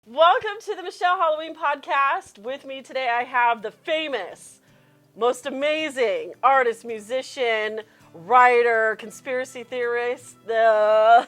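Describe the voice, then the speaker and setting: Woman, podcast host, excitable, gushing, swears, slightly high voice. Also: measured pace, faint music behind. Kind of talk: casual podcast interview.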